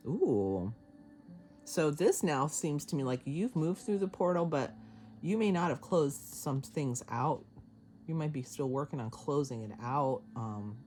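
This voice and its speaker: A woman giving a casual tarot reading to camera, chatty and excitable, laughing often and swearing casually. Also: extremely low pitch. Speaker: tarot reader.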